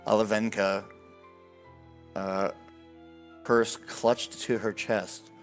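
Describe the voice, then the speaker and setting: Male game master, low and slow, casual swearing narrator, faint music bed. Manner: animated, casual, swears freely.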